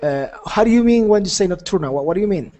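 Brief: Colombian English teacher, mid pitch, encouraging and corrective. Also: animated, quick pace, mellow. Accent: Colombian Spanish. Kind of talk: conversation class.

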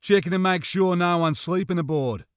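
A man's voice: high voice, moderate pace, clear, resonant tone, no room sound, clean studio sound, voice pushed up, natural voice. A man voicing a practical, skeptical male pilot who speaks in a matter-of-fact, wary way.

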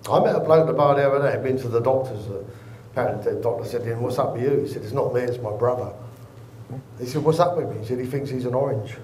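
A man, a guest comedian telling jokes in a lively, loud storytelling manner. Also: mid-range voice, quick pace, reverberant, slight background noise, poor audio. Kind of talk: joke telling.

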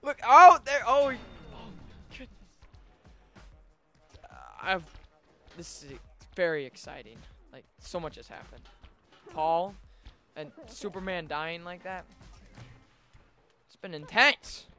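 A young man giving casual, excitable commentary while playing a video game. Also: sits high, slow pace, long pauses, soft background music. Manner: excitable, yelps and shouts at sudden moments. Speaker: gaming video host.

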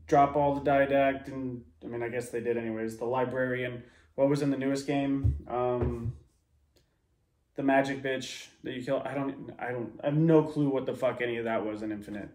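A man hosting a reaction video, talking in a loose, rambling way, sarcastic and quick to swear. His voice sits at an ordinary middle pitch. The room around him is echoey and reverberant. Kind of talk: casual reaction commentary.

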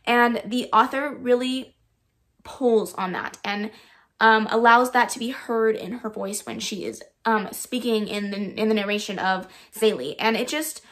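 A woman's voice: a little high, measured pace, a bit bright. Chatty woman book vlogger. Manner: chatty, enthusiastic, frequent ums. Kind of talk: casual book review vlog.

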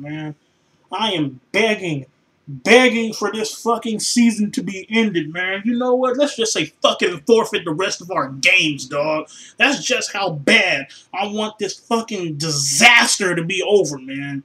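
A man's voice: sits high, measured pace, poor audio. Profane, exasperated male fan ranting. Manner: profane, exasperated, sighing, swings between mutters and shouts. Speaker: vlogger reacting to a football loss. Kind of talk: angry fan rant. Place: his room.

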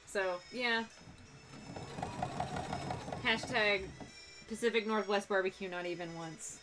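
A young woman with a faint Texan twang talks casually as she works on a sewing project, her thoughts wandering and doubling back. Her pitch sits in a middle range, and soft music plays quietly behind her. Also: slow. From Texas. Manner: chatty, rambling, self-interrupting with laughs. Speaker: cosplay streamer. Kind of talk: casual live-stream chat while sewing.

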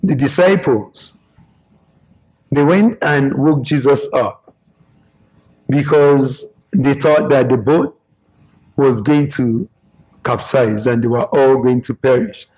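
A man's voice: mid-range voice, slow, long pauses, a little mellow, slightly rough, poor audio. A man preaching a sermon in short, emphatic, repeated phrases.

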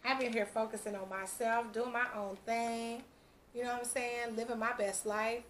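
A woman's voice: on the high side, little pitch movement, moderate pace, a bit bright, slight background noise, natural voice. A woman voicing a sassy woman who brushes off a returning ex with a dismissive, bougie drawl.

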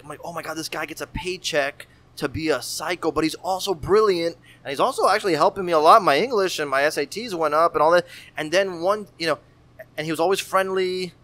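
Animated storytelling man in his thirties. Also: fairly high pitch. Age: 30s. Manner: animated, profane, slangy with frequent "bro". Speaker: guest artist. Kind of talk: casual podcast storytelling.

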